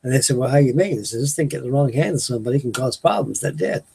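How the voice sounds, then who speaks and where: A man's voice: mid-range voice, animated, rapid-fire, gravelly, dark tone, slightly rough. An older man, rambling folksily as host of a late-night live chat with his viewers. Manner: folksy, meandering, restarts sentences. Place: home at night.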